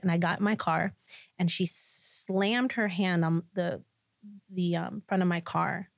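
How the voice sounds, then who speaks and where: A woman pastor sharing her personal testimony in a podcast conversation, an animated storyteller who acts out the people in her story and laughs often. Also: fairly low pitch, measured pace, vocal fry, no room sound. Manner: laughs often between lines.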